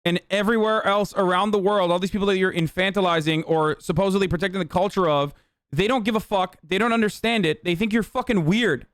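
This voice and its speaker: Heated, profane male streamer, smooth voice. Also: high-pitched, fast, fairly bright tone, dry recording, studio quality. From Turkey. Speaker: livestream host. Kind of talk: casual livestream rant.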